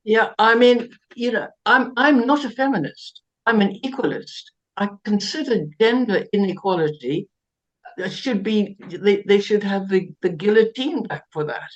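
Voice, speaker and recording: An older woman from South Africa, a guest telling lively, self-mocking stories with laughs and many restarts. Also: mid-range voice, normal speed, dull audio. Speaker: interview guest. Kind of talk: anecdotal storytelling interview.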